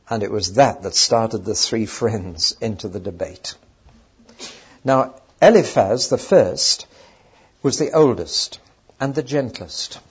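Husky-voiced male Bible teacher. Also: on the low side. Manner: conversational, asks the audience questions. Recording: dull lo-fi recording.

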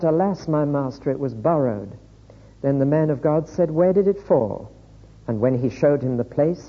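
A man preaching a sermon, reading scripture aloud in a measured, deliberate way. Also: a little high, breathy edge. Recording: echoey hall, dull lo-fi sound.

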